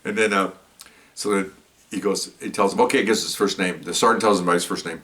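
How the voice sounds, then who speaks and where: A man telling a police story in casual talk, acting out the people in it by jumping his pitch. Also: quick pace, a bit bright. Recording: voice a bit far from the mic.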